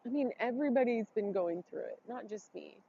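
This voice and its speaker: A woman's voice: fairly high pitch, expressive, warm tone, highs cut off, slight background noise. Heartfelt woman giving a tearful blessing. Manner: heartfelt, tearful, halting with pauses. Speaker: vlogger doing an outdoor ritual. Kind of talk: emotional spoken blessing and reflection. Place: forest, outdoors.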